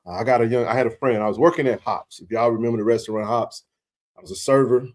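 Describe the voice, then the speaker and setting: A man's voice: mid-range voice, fast talker, darkish tone. A man from Mississippi, hosting a sports livestream and telling a long story in a fired-up, chatty way with lots of fillers. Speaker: sports talk show host.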